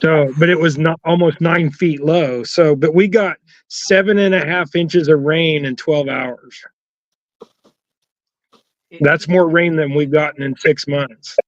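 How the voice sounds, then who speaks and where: A man's voice: fairly high pitch, steady tone, a little slow. A man chatting on a livestream, telling stories in a rambling, hesitant way. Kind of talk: casual livestream chat. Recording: dry, dull call audio.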